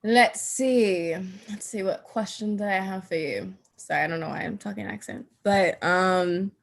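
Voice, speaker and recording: A woman's voice: medium pitch, vocal fry. A woman hosting a casual podcast chat about astrology, laughing often and leaning on "like". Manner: laughs often, drawn-out filler "like". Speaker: podcast host.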